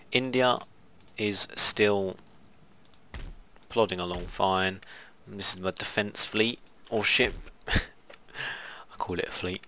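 Here a gaming video host plays a strategy game and rambles through casual let's play commentary, muttering asides to himself. His voice is fairly low in pitch, gravelly and sharp in tone.

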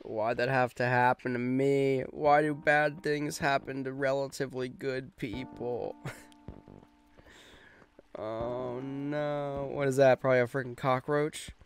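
A young man hosting a let's play, chatting casually and getting quickly frustrated, mocking himself as he goes. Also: mid-range voice, fairly even intonation, clean tone, soft background music. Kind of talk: casual gameplay commentary.

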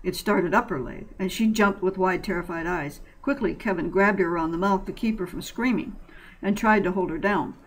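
A woman reading a science-fiction short story aloud as narrator, in a plain, even reading with small slips. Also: fairly low pitch, normal speed, slight background noise, poor audio.

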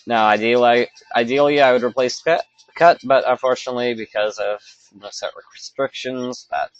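A man's voice: medium pitch, highs cut off. A man giving casual, rambling commentary over his own gameplay, often stopping to correct himself. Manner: rambling, self-correcting, offhand. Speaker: let's play commentator.

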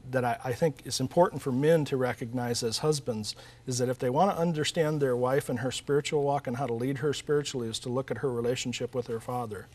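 A man's voice: medium pitch, fairly even intonation, fast talker, few pauses, darkish tone. A man, an author and guest in an interview, talking earnestly about faith and family, telling stories with frequent restarts. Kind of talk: interview conversation.

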